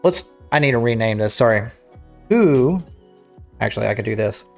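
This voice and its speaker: A man's voice: mid-range voice, expressive, normal speed, gravelly, darkish tone, soft background music. A man streaming a game, chatting casually with his viewers and thinking aloud as he restarts his sentences. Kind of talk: casual livestream chat to viewers.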